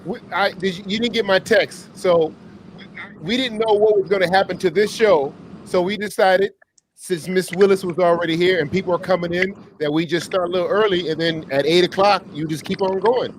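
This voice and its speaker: Man, co-host, somewhat high voice, animated chat with laughing asides, faint noise. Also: a little fast. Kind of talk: casual talk show chat.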